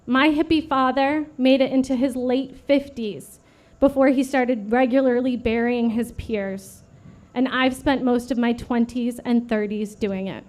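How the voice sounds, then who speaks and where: A woman in her late thirties giving an earnest prepared memorial speech at a vigil, steady and read from a script. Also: fairly high pitch, a little slow, few pauses. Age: late 30s. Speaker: vigil speaker.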